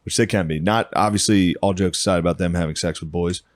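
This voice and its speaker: A man's voice: low-pitched, steady tone, fast, no echo. A man co-hosting a comedy podcast, teasing his partner and riffing with crude jokes. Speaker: podcast co-host. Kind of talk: casual comedic podcast chat. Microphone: podcast mic.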